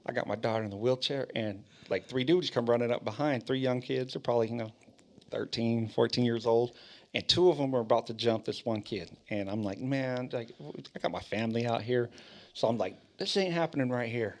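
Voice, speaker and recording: A man's voice: mid-range voice, fairly quick. Laid-back man telling stories on a podcast. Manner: animated storytelling, mock outrage, casual swearing. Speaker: podcast host. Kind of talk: casual chat.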